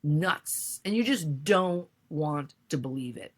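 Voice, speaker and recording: This podcast guest is a middle-aged woman who recounts a personal experience with emotion, speaking slowly in a low voice. She is animated throughout and voices the other people in her story.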